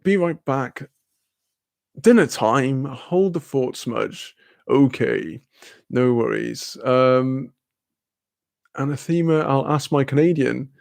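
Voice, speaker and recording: A man's voice: medium pitch, slow pace, gravelly, long pauses, a little mellow, dry recording, studio quality. A Welsh man streaming a casual chat, laughing often, swearing freely and reading chat messages aloud. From Wales.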